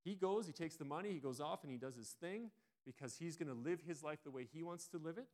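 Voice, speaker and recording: A man's voice: fairly high pitch, fast talker, darkish tone. Conversational male preacher mid-sermon. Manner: conversational retelling with frequent restarts.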